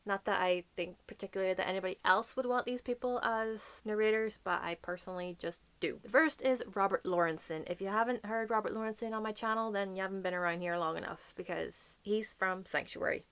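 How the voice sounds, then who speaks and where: A woman's voice: medium pitch, a little fast, few pauses, a bit bright, clear, resonant tone. A woman from Northern Ireland with a light Northern Irish accent, chatting casually to camera as a book vlogger, gushing and playful with whispered asides.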